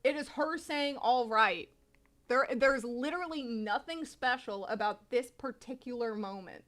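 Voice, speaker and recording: A woman streamer reading a manga aloud, chatty and animated, swearing freely. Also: high-pitched, moderate pace. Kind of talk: casual live-stream commentary.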